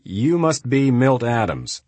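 A man's voice: medium pitch, sing-song, slow, darkish tone, no echo, voice pushed up. A man voicing a terse, tough government agent with clipped replies in an audiobook. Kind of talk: audiobook character voice.

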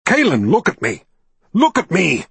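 A man voicing a desperate young man who tries to reach a frightened friend, pleading with urgency and steady reassurance in an audiobook reading. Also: a little high, slow pace, husky, no room sound, exaggerated voice. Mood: frantic. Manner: urgent shouting, then calm and reassuring.

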